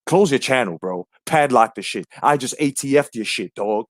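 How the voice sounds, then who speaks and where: A man's voice: medium pitch, expressive, normal speed, no echo, clean studio sound. A man hosting a live stream, ranting brashly and profanely while greeting viewers in the chat.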